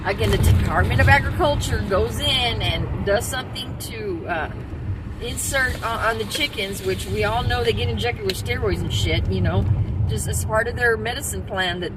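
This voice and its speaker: A woman's voice: mid-range voice, a little fast. A woman in Texas ranting in a rambling, heated, profane way in casual talk. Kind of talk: casual political rant. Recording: steady background noise.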